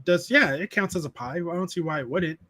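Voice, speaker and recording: A man hosting a casual stream chat, animated, laughing often and reading chat aloud. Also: fairly high pitch, a little fast. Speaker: streamer host.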